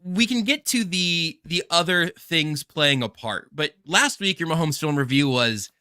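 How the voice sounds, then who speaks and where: A man's voice: a little high, lively intonation, measured pace, sharp tone, smooth, dry recording, clean studio sound. A man hosting a casual sports podcast, rambling and joking in a self-deprecating way. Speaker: podcast host.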